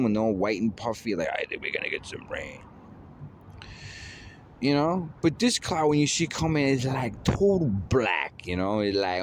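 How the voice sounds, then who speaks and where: A man's voice: mid-range voice, a little hiss or hum. A man rambling in a casual monologue, drawling with lots of fillers like "you know" and "man".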